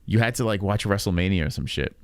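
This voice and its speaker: A man's voice: lowish voice, fast talker, smooth, dry recording. A man in his thirties hosting a casual reaction stream, rambling with profane sarcasm. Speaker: podcast host.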